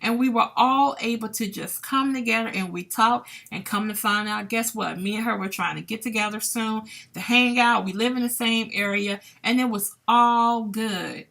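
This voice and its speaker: A woman's voice: a little high, moderate pace, vocal fry, few pauses, fairly bright tone. A woman hosting a podcast, telling a personal story in a candid, chatty way that turns emotional at times. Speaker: podcast host. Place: lives in Columbia.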